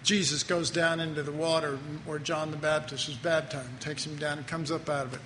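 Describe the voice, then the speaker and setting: A man's voice: on the high side, fairly even intonation, fairly quick, pushed and bright. A man preaching a sermon in a loose, conversational way, often breaking off and chuckling at his own asides. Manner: conversational, self-interrupting, laughs at own jokes. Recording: echoey hall, faint noise.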